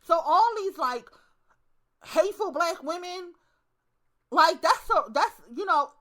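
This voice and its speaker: A young woman, talking casually to her viewers in a profane, animated way and acting out little scenes. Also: extremely high pitch, takes it slowly. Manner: profane, animated storytelling with acted asides. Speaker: channel host. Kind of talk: casual monologue to camera.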